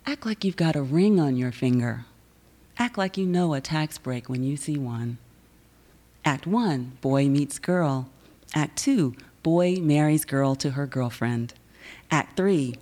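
Low-voiced woman poet reading aloud. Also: a little mellow. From Southern United States. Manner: measured, rhythmic recitation with chatty asides between poems. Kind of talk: poetry reading. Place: university reading event.

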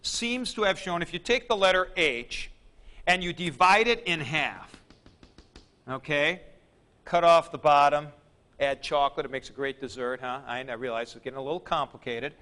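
A man teaching a Greek grammar lecture at a board, deliberate and methodical, with dry joking asides. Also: fairly high pitch, bright, forceful tone. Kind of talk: classroom lecture.

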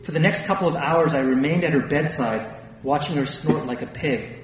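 A man reading a first-person memoir aloud with a wry, lightly animated delivery. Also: fairly high pitch, moderate pace, noisy background. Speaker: audiobook narrator. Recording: distant, echoey room with long reverb.

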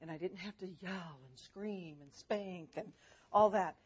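Husky mom talking parenting, chatty and animated, kinda muffled dull recording. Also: female voice, fairly low pitch, unhurried. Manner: animated, chatty, laughs often. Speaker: mother giving parenting advice. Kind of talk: faith-based parenting talk.

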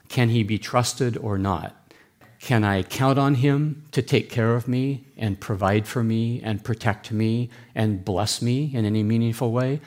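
A man giving a sermon in a church, speaking. His delivery is earnest and deliberate, plain and explanatory. His voice sits fairly low. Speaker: pastor.

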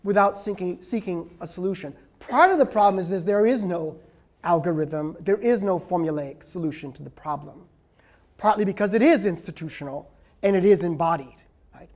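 A man's voice: sits high, normal speed, darkish tone. A man giving a lecture as a professor and taking questions from the audience, speaking emphatically and often checking in with "right?". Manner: emphatic, frequently ends points with "right?".

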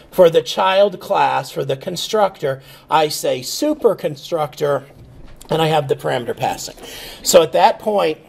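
A man teaching programming in a relaxed, screen-recorded lecture, thinking aloud with fillers and checking in with "okay?". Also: a little high, vocal fry. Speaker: programming instructor.

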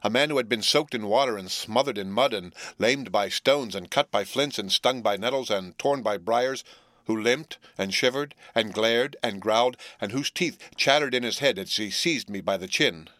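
Low-voiced man reading an audiobook. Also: a bit bright, dry recording, studio quality. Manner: measured, deliberate literary reading. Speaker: audiobook narrator. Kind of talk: scripted narration of a classic novel.

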